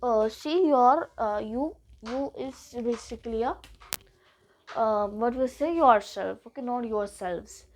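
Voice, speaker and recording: High-voiced Indian English grammar teacher. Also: female voice, darkish tone. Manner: explains slowly and repeats, slips into Hindi. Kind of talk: classroom grammar lesson.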